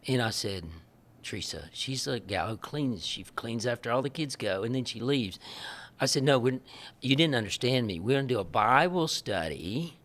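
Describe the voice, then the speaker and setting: A man, a missionary guest telling lively stories in an interview and acting out the dialogue, often laughing. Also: medium pitch, a little fast. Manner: animated, laughing storyteller who acts out quoted dialogue. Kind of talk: storytelling in a podcast interview.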